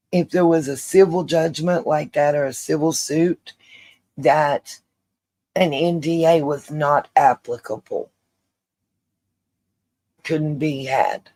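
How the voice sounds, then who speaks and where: Speaking in a deep voice with a darkish tone, this channel host offers her opinions directly to viewers. She's emphatic, going back over her points to drive them home.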